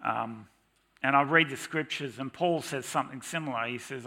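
A middle-aged man preaching a sermon in church, lively and dramatic, at times mock-shouting to make his points. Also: mid-range voice, normal speed.

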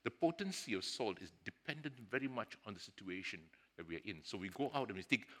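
Earnest bright-voiced male preacher. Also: on the low side, expressive, fast talker, hardly any pauses. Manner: earnest, rising to emphatic bursts. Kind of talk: sermon.

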